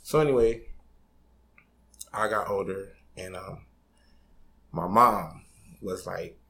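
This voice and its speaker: A man's voice: sits low, slow, gravelly, pushed and bright, slight background noise. A man in his twenties on a podcast, candidly telling a personal story in a casual, slangy way, swearing freely and getting emotional. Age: 20s.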